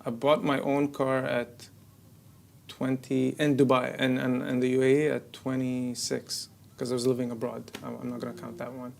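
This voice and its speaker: A man from the UAE talks easily as a comedian guest on a podcast. His voice has a gravelly edge, and he slips into jokes and quick put-on voices. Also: medium pitch, monotone. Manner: jokey, laughs often, does quick voices. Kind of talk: casual podcast chat.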